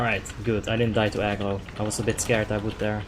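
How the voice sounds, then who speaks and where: A man's voice: fairly low pitch, fairly quick, a little hiss or hum. Man, chatty gaming streamer. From Netherlands. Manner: relaxed, chatty, thinks out loud, swears when frustrated. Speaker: game streamer. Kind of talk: live gameplay commentary answering chat.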